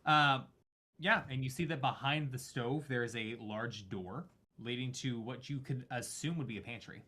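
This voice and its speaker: Serving as game master, a man narrates a tabletop horror game in a halting way, full of fillers and self-corrections. His voice is medium in pitch, pushed and bright.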